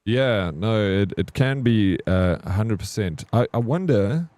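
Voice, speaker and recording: A man's voice: fairly low pitch, expressive, unhurried, darkish tone, no echo. A man from South Africa with an English South African accent, chatting casually and rambling on a gaming stream. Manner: rambling, chatty, restarts sentences often.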